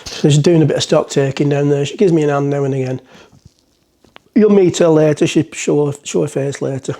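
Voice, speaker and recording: A man's voice: fairly high pitch, a little fast, mellow. A man rambling through a casual cooking vlog in his home kitchen, jokey and chatty as he cooks. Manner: rambling, jokey, talks to himself while cooking. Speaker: cooking vlogger.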